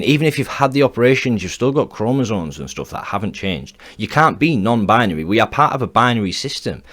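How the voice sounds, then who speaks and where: A man giving a heated, blunt reaction commentary, swearing and repeating himself as he rants. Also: medium pitch.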